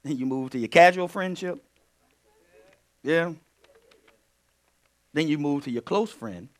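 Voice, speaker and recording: A male pastor teaching a sermon in an animated way, dropping to quiet asides and then rising to loud, emphatic bursts. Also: on the high side, unhurried.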